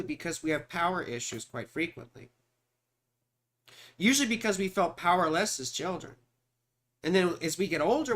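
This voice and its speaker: Chatty high-voiced man in his forties. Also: a bit bright. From California. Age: 40s. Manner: rambling, chatty, talks to viewers by name, mutters while searching. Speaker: astrologer hosting live chart readings. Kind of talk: casual live-stream chat.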